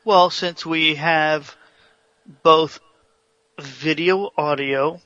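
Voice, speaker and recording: A man's voice: fairly high pitch, fairly even intonation, drawn-out words, sharp tone, no echo, lo-fi sound. A man co-hosting a casual radio talk show, blunt and opinionated.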